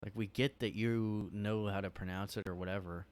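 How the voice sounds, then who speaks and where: A man's voice: lowish voice, steady tone, moderate pace, darkish tone, no echo. A man hosting a casual solo podcast from his room, rambling and hesitant, full of "like". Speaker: podcast host.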